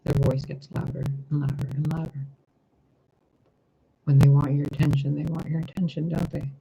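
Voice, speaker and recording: A man giving a spiritual tarot reading, talking in a gentle, reflective way and asking rhetorical questions. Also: a little high, flat delivery, normal speed, gravelly, slight background noise, rough recording. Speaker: tarot reader.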